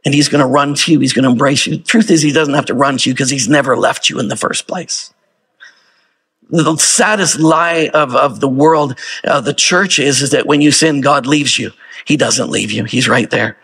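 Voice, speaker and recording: Husky-voiced man preaching conversationally. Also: mid-range voice, normal speed, fairly bright tone. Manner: conversational preaching with rhetorical questions. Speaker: pastor. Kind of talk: sermon.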